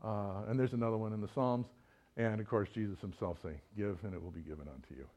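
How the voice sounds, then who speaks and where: A man preaching a sermon in a relaxed, conversational way, often asking his listeners direct questions. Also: lowish voice, quick pace.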